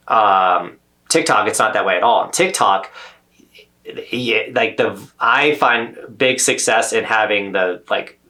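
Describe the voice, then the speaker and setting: A man's voice: on the low side, sharp tone. A man co-hosting a podcast, explaining at length in chatty casual talk with many fillers. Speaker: podcast co-host.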